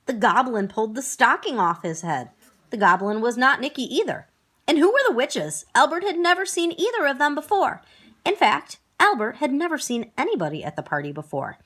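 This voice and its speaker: Woman narrator, children's storybook, lively, fairly high voice. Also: fairly quick. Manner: expressive, acts out characters. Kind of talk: reading a children's storybook aloud.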